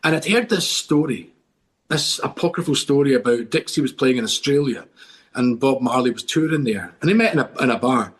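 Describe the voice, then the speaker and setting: Middle-aged scottish guy on a podcast, rambling excited stories, keeps restarting, mid pitch. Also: fairly quick. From Scotland. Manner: enthusiastic rambling storyteller with many restarts. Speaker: guest. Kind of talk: casual podcast chat.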